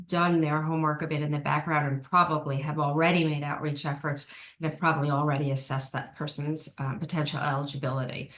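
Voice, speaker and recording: A woman giving an online training presentation, explaining steps carefully with frequent ums and small restarts. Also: low voice. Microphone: video call.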